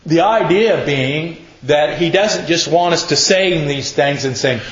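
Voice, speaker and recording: Male preacher, fairly high voice, slow and deliberate, earnest teaching sermon, roomy muffled recording. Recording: echoey, muffled room recording.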